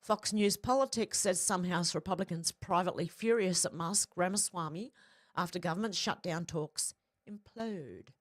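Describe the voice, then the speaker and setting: Reading out a string of social media posts, this Australian woman, a political vlogger, keeps her slightly low voice casual and her language profane. Short, blunt asides keep breaking into her sentences.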